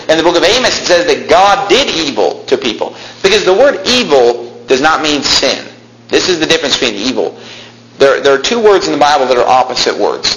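A man preaching a fiery sermon, swinging between loud raised lines and quiet low ones. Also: roomy sound, rough recording.

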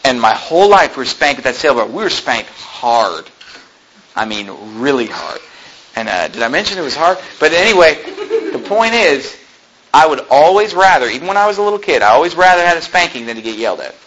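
A man preaching a sermon, talking in a lively, homespun way with jokes and asides. His voice sits high and swings widely in pitch. The tone is bright and sharp. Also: a little fast, muffled recording, slight background noise. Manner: animated, folksy preaching with asides and self-deprecating humor. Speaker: pastor.

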